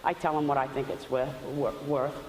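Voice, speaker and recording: A woman's voice: a bass voice, flat delivery, a little fast, darkish tone. A woman giving a chatty faith testimony, telling stories with loose asides. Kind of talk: storytelling testimony talk. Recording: roomy hall with faint hiss.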